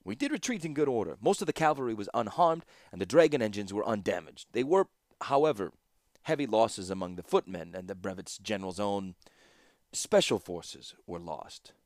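Jarin, a man doing a calm war captain. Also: lowish voice, normal speed, no echo, studio quality, lightly acted. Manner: calm, formal and deferential. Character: impassive, unflappable male war captain. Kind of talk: audiobook character voice.

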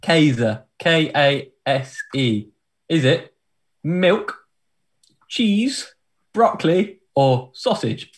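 A young man hosting a podcast quiz in a slightly raised voice. He laughs easily, bursts into quick rushed asides and jumps up and down in pitch as he teases his co-hosts. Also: expressive. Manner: giggly and playful, with big pitch leaps and quick rushed asides. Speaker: podcast co-host running a quiz game. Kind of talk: casual podcast banter.

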